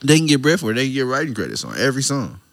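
A man's voice: medium pitch, huge pitch swings, racing, vocal fry, no room sound. A man co-hosting a podcast in loose, joking casual chat, laughing often. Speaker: podcast co-host.

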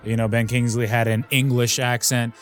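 A man on a podcast talks about a film in a loose, rambling way, circling back and restarting his sentences. His voice sits at an ordinary pitch, and faint music plays underneath. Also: flat delivery, normal speed. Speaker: podcast co-host. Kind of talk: casual movie discussion.

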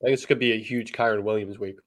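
A man's voice: lowish voice, steady tone, fast talker. Easygoing man co-hosting a podcast. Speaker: podcast co-host. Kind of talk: casual chat.

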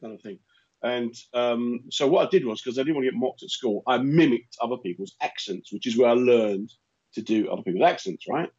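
A man in his fifties with a London accent, hosting a casual chat as an animated storyteller. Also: medium pitch, fairly quick, slightly rough. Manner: animated storyteller who slips into put-on voices. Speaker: radio host. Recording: muffled lo-fi sound.

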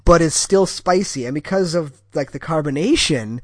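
Animated chatty man from Wisconsin. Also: a little high, moderate pace, no echo, studio quality. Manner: rambling storyteller with frequent restarts. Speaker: podcast co-host. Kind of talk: casual chat.

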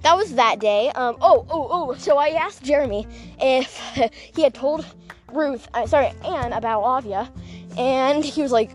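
A woman's voice: high-pitched, normal speed, soft background music. A woman hosting a casual solo podcast, telling a rambling, gossipy story with lots of laughing and self-deprecating, awkward asides. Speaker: podcast host.

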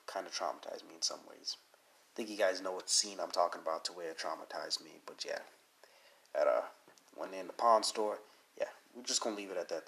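Sick low-voiced man hosting a podcast. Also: gravelly, a bit bright. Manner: rambling, earnest and encouraging, with frequent fillers. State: sick with a cold, needs to blow his nose. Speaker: podcast host. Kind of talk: casual solo podcast talk.

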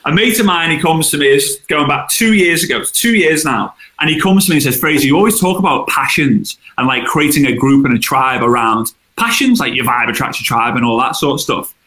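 A man talks as an interview guest, spinning chatty, animated anecdotes. His voice sits a touch high and has a sharp, forceful edge. The room around him rings with a noticeable echo. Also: fairly quick, few pauses. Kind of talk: casual interview storytelling. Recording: roomy echo.

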